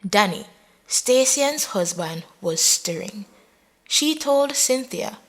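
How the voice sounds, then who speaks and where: Woman reading a story out slow, dramatic, takes her time. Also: mid-range voice, animated, fairly bright tone. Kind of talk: scripted story narration.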